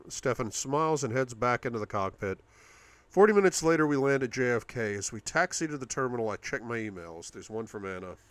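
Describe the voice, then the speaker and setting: A man narrating a first-person novel aloud, steady, going low and quiet in intimate passages. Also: brisk, no echo. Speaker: audiobook reader.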